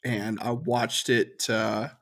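A man's voice: medium pitch, level tone, slow pace. A young man co-hosting a casual movie podcast, easygoing and hesitant, with many fillers. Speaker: podcast co-host.

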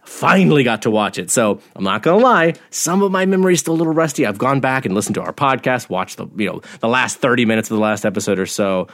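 A man co-hosting a podcast, chatting casually and excitedly about a TV episode, laughing often and swearing freely. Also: medium pitch, quick pace, hardly any pauses. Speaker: podcast co-host. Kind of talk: casual TV rewatch podcast chat.

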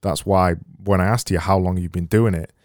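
A man's voice: low-pitched, steady tone, fairly quick, darkish tone, dry recording, clean studio sound. A man hosting a casual interview, enthusiastic and often restarting his phrases as he thinks aloud about design. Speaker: podcast host and designer.

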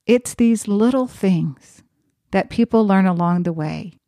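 Woman podcast host and nurse, calm and explanatory, mid-range voice, dry close mic. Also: medium pitch, measured pace, dry recording. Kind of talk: storytelling podcast monologue.

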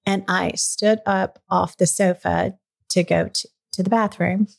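Her gravelly, fairly low voice holds a steady tone at a measured pace. She's a middle-aged podcast guest telling a personal story in an easygoing, frank way, sometimes becoming emotional.

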